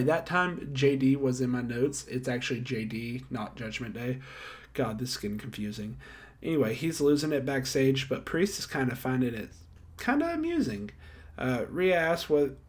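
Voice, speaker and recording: A young man talks through a wrestling episode in a loose, chatty way, handing out star ratings as he goes. He pokes fun at himself and laughs easily. His voice sits at an ordinary middle pitch for a man. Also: darkish tone. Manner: chatty, self-deprecating, laughs often. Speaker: wrestling show reviewer. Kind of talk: casual solo recap with star ratings.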